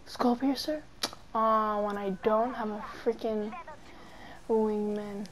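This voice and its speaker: A woman's voice: fairly high pitch, takes it slowly, long pauses, slight background noise. A young woman chatting casually with friends while playing a game, playful and giggly, breaking into silly sing-song bits. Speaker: gamer streaming with friends.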